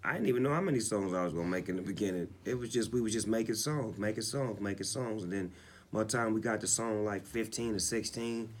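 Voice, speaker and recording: A man's voice: on the low side, fast, slight background noise. A man in his forties talking candidly in an interview, laid-back and reflective, often checking in with "you know what I'm saying". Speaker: interviewed rapper.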